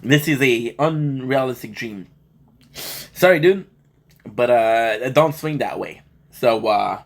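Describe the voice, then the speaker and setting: A man's voice: mid-range voice, slow pace, creaky, long pauses. A male gaming streamer talks loosely to his live chat, joking around between bits of game commentary. He sounds worn out and a little under the weather, with a voice that sits in a middling range. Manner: laid-back, joking banter with chat. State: tired and feeling a bit sick.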